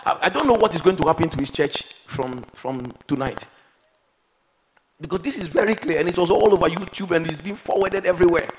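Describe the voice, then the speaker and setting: A man preaching a sermon, moving between quiet, reflective passages and loud, emphatic exhortation. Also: on the high side, slight background noise, rough recording. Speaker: pastor.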